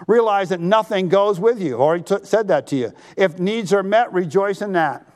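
A male pastor preaching a sermon, animated and drawing the congregation to answer back. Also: sits high, moderate pace.

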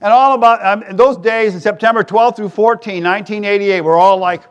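A middle-aged male pastor preaching a sermon in a conversational, joking way, with loud emphatic peaks. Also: high voice, fairly quick, clear, resonant tone, lo-fi sound.

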